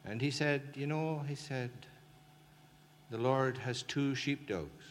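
In a slow, medium-pitched voice, a man fervently preaches a sermon, peppering his listeners with emphatic rhetorical questions. The hall echoes, and faint ambient noise can be heard.

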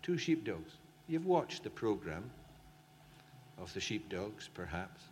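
A man's voice: lowish voice, very animated, takes it slowly, a little mellow. A man preaching a sermon in an impassioned way, firing emphatic rhetorical questions at his listeners. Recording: reverberant hall, faint ambient noise.

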